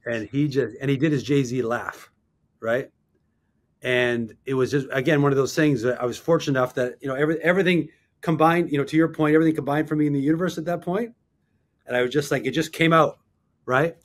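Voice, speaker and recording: A man in his fifties, an interview guest who tells animated, self-deprecating anecdotes. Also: medium pitch, brisk. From Canada. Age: 50s. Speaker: guest, marketing executive.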